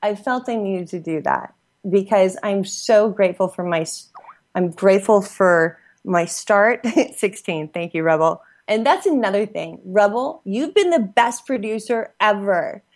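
A woman's voice: medium pitch, lively intonation, a little slow. A woman hosting a podcast, effusively thanking guests and friends in a rambling, casual way with frequent laughs. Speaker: podcast host. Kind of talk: casual gratitude shout-outs. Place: Los Angeles.

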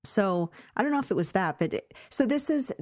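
A woman co-hosting a podcast, chatting casually about a film in a rambling, hesitant way that turns animated when she has strong opinions. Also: medium pitch, a little fast. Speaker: podcast co-host reviewing a film. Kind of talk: casual chat.

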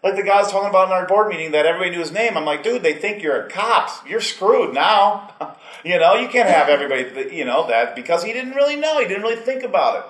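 A man's voice: high voice, animated, racing, fairly bright tone. A man speaking at a group meeting, talking casually and rambling, getting heated at times. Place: meeting hall. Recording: echoey meeting room.

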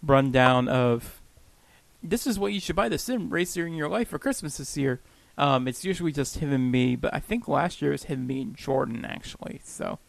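This podcast co-host is a man with a gravelly mid-range voice who sounds animated and talks at a normal speed. Laughing a lot, he makes self-deprecating jokes throughout the casual conversation, recorded with no room sound.

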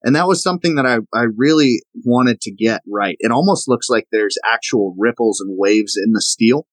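A man's voice: medium pitch, expressive, moderate pace, no room sound, low-quality recording. Knife maker explaining his blades, dry sound. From American South. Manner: explanatory, demonstrating objects as he talks. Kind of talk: casual interview talk.

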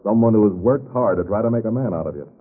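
An actor playing a firm but patient police captain who speaks with measured, soothing authority, in 1930s radio drama style. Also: male voice, on the low side, husky, narrow, tinny audio. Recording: scratchy 1930s radio transcription.

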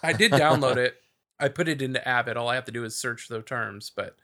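A male podcast co-host rambles in casual conversation, full of fillers and restarts. He speaks quickly in a mid-range voice that is pushed and bright, with some vocal fry.

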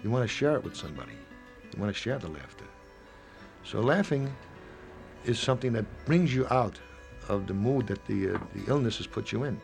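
A man's voice: on the low side, very animated, fairly quick, vocal fry, pauses often, a little mellow, faint music behind. A man in his seventies being interviewed at his home, talking in a rambling, reflective way and acting out little quoted exchanges. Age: 70s. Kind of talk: casual reflective interview talk.

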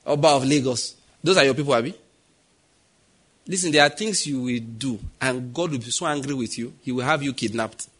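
A man's voice: medium pitch, brisk, husky. A man with a Nigerian accent preaching a sermon, telling stories and acting out the voices in them. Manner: animated storytelling, acting out quoted voices.

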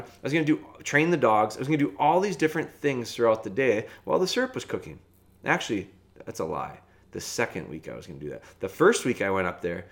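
A podcast host with a mid-range voice tells a rambling personal story casually, often correcting himself and chuckling at his own mistakes.

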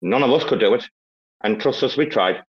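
A man's voice: medium pitch, animated, a little fast, slightly rough, lo-fi sound. A man hosting a casual online chat, boisterous and rambling, with heavy swearing. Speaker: host.

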